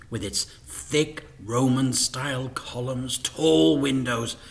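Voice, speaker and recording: A male teacher reading a children's book aloud, expressive and sometimes dropping to a whisper. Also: mid-range voice. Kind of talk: storybook read-aloud.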